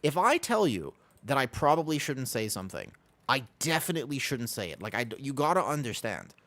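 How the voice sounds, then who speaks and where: A man's voice: medium pitch, brisk. A young man streaming a video game, chatting casually and rambling to his viewers, laughing often. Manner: rambling, animated, laughs often, talks to chat. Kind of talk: casual livestream chat while gaming.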